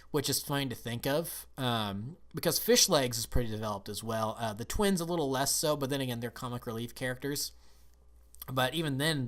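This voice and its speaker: A man's voice: medium pitch, fairly bright tone. A man talking casually as a film and TV reviewer, eager and rambling, often restarting his sentences.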